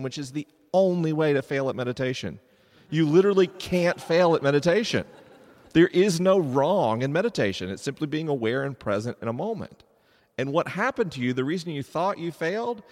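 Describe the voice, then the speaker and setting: A man giving a live talk to an audience, animated and joking as he addresses the crowd. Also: on the high side. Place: large stone church, live event. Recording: live hall with long reverb.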